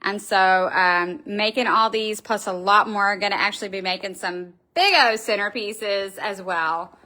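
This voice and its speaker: A woman's voice: medium pitch, unhurried, bright, forceful tone. A middle-aged woman, hosting a casual live stream from her wreath shop, gushing and chatty as she answers viewers.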